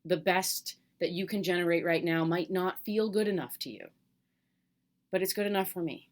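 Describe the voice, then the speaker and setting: Gentle, reassuring woman teacher, low-pitched. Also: normal speed. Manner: gentle, candid, reassuring, with fillers. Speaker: college teacher. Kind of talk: recorded video message to students. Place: home, at kitchen table.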